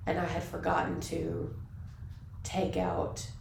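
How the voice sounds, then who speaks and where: A woman co-hosting a podcast in casual chat, talking in an animated way with many fillers. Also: fairly low pitch, slow pace, creaky. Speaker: podcast co-host. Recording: roomy with faint background hiss.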